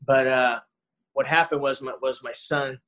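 In a low-quality recording, a man in his forties shares a personal story at a recovery meeting, his mid-range voice steady and fairly bright at a moderate pace. He rambles conversationally, often restarting and saying "you know."

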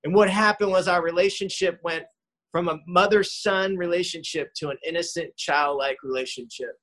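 Speaking at normal speed, a man in his forties tells a personal story at a recovery meeting with a high-pitched, fairly bright voice. The recording is rough, and his telling is rambling and conversational, with frequent restarts and plenty of "you know."

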